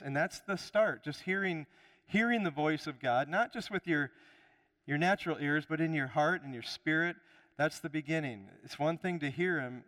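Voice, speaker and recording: A man's voice: fairly high pitch, moderate pace, fairly bright tone, in a large hall. A man preaching a sermon as pastor, with emphatic rises and frequent restarts.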